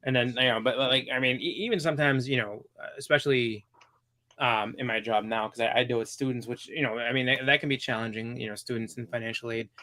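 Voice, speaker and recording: A man's voice: medium pitch, steady tone, quick pace, pushed and bright. A man hosting a live comics stream, chatting casually and rambling with many fillers and restarts. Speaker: comics show host.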